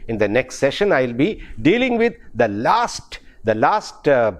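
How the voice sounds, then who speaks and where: Slow, lively-pitched male lecturer. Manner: slow, repeats key words, spells words out letter by letter. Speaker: university lecturer. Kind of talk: recorded lecture.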